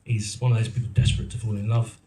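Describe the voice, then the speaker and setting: At an event venue in a roomy hall, a middle-aged English actor and producer gives a casual talk to a live audience, rambling and poking fun at himself amid many ums and restarts. His dark-toned, fairly low voice shows little pitch movement, and he talks fast. The room is echoey.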